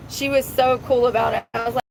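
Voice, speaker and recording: A woman's voice: a little high, little pitch movement, fast, gravelly, darkish tone, a little hiss or hum, low-quality recording. A woman, rambling candidly to her viewers in a casual vlog, talking into the phone in her hand. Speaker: vlogger. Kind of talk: casual chat.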